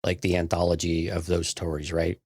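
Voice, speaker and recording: A man's voice: low voice, monotone, a little fast, darkish tone, breathy edge, no echo, studio quality. A man co-hosting a podcast in casual chat, easygoing and reflective. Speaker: podcast co-host.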